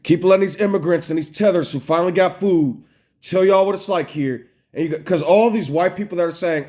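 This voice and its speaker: Upset, rambling man with a higher voice. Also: a little fast, darkish tone. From United States. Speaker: vlogger. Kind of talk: emotional personal vlog rant.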